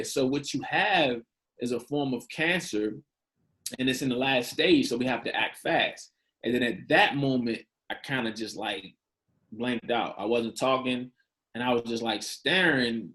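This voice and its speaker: Man telling his story, casual slang. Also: medium pitch. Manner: animated, acts out quoted dialogue, casual slang. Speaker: podcast guest. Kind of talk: candid storytelling in an interview.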